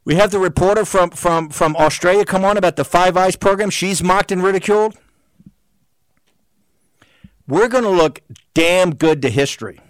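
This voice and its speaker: A man speaks in a raised, combative voice, hammering the same questions again and again. His pitch sits a bit high for a man. The sound is close and dry, with no room around it. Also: fairly quick, clear, resonant tone, no echo. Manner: shouting, combative, repetitive rhetorical questions. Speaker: show host. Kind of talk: heated political monologue.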